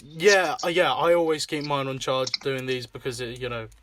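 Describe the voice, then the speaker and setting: A man's voice: mid-range voice, flat delivery, normal speed, a bit bright, a little hiss or hum. A young Scottish man hosting a casual chat, rambling with fillers, swearing and laughing often. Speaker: podcast host and filmmaker.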